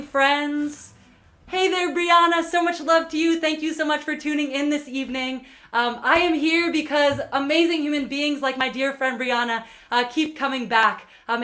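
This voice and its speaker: A woman's voice: high-pitched, fairly bright tone. A young woman, a singer-songwriter, chatting between songs in a livestreamed set, rambling with lots of ums and uhs. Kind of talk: between-song stage banter on a livestream. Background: guitar music.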